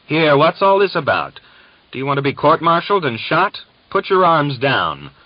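A man voicing a gruff middle-aged army sergeant who barks commands. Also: mid-range voice, big pitch swings, normal speed, no room sound, muffled recording, voice pushed up. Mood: commanding. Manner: barking commands.

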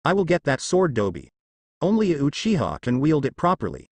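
A man's voice: fairly high pitch, huge pitch swings, fairly quick, darkish tone, no room sound, full character voice. A man voicing a jealous, sneering boy rival ninja.

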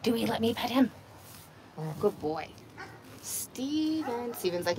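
A woman's voice: a little high, sing-song, slow, pauses often, slight background noise. A woman hosting a casual livestream outdoors among her goats, talking into a phone on a selfie stick, cooing baby talk to the animals and laughing often. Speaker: livestream host on a goat farm.

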